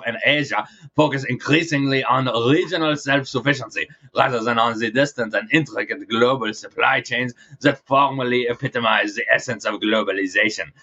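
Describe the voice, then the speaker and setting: A man's voice: medium pitch, gravelly, pushed and bright, slightly rough, full character voice. A man putting on a mocking impression of a pompous older male globalist elite with a thick accent. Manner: mock-solemn, mocking impression. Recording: dull lo-fi sound.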